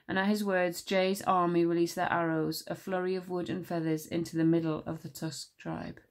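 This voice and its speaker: A woman teacher reading a children's novel aloud with steady, clear storytelling. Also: lowish voice, normal speed, few pauses.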